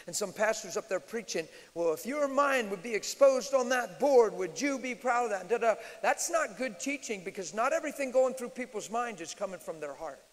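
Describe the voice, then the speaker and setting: A male preacher teaching at a live church Q&A, swinging from loud declarations to quiet asides. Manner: emphatic, shifts from loud declarations to low asides. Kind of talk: sermon-style Q&A teaching. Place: large church hall, live audience. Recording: reverberant hall.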